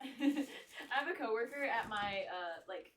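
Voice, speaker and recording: A young woman with a fairly high voice, chatting loosely with her stream viewers. She swears freely and laughs often. She sits back from the mic in a room with a lot of echo. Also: lively intonation, measured pace, fairly bright tone, far from the mic, slight background noise. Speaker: livestreamer. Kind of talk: casual live-stream chat.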